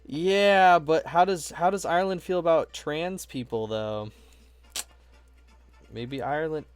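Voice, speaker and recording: A man's voice: fairly high pitch, unhurried, clear, resonant tone, no echo, soft background music. A man live streaming while building models, chatting casually in a playful, joking and often profane way.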